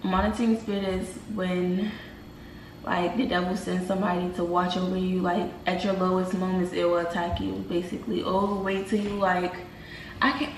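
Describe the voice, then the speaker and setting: A woman's voice: fairly low pitch, normal speed, a little hiss or hum. Young woman telling a dream, slangy. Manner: animated, slangy, addresses viewers as y'all. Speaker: vlogger. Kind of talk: casual storytelling to viewers. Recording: roomy, from a distance, faint ambience.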